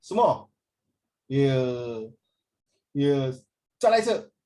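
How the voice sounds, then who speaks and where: A male teacher with a Singaporean English accent, leading a class in an animated way, switching between English and Mandarin and coaxing his students. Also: mid-range voice, drawn-out words.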